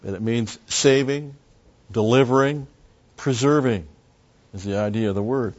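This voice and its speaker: A man's voice: mid-range voice, moderate pace. A man preaching a methodical Bible teaching, explaining Greek words and repeating key terms. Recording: dull lo-fi recording.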